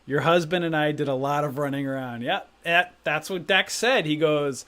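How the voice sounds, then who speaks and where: A man's voice: on the high side, normal speed, hardly any pauses, fairly bright tone. A middle-aged man hosting a live stream, telling rambling anecdotes in casual chat and often asking "right?". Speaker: stock trading stream host.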